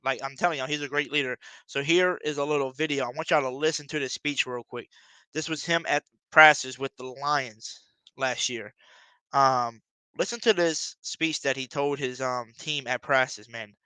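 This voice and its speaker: A young man runs his own football fan video and talks to his viewers with open excitement. His voice is bright and crisp, recorded dry and close. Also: mid-range voice, moderate pace, no echo, rough recording. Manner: excited, addresses viewers directly. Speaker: sports fan video host. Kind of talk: casual fan commentary.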